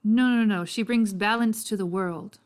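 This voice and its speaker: A woman's voice: medium pitch, normal speed, close to an everyday voice. Woman doing a pushy dwarf preacher with a brogue. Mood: preachy. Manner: put-on Irish brogue; insistent, recruiting.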